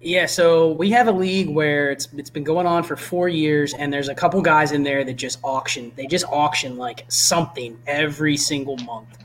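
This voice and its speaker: A man's voice: a little high, steady tone, normal speed, few pauses, a bit bright, slight background noise. A man chatting casually as a guest about fantasy football strategy, easygoing and explanatory. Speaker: podcast guest.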